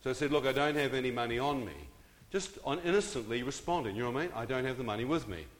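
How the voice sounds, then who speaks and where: A man's voice: medium pitch, fast. Middle-aged man telling a story in a hall. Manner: addresses the audience with questions and asides. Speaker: speaker telling his story. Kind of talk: dramatic personal storytelling to an audience. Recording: long reverb of a large hall.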